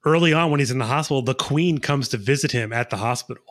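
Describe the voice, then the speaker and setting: A man's voice: mid-range voice, quick pace, a bit bright. A man co-hosting a podcast, talking through a film in a loose, rambling way with lots of fillers and restarts. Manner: rambling, hedging with many fillers. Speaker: podcast co-host. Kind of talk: casual movie discussion.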